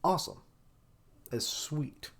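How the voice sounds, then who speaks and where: A man giving casual, rambling live reaction commentary, with many fillers and some swearing. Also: slow. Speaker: webcomic reaction streamer.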